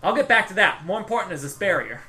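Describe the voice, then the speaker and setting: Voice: mid-range voice, very animated, quick pace, sharp tone, soft background music. A player voicing a nervous, secretive young woman tinkerer who rambles out excuses. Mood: eager.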